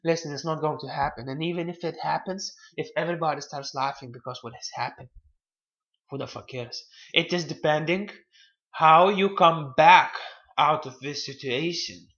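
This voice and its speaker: A man giving casual self-help advice, talking haltingly and often repeating words. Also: fairly high pitch, a bit bright, dull audio.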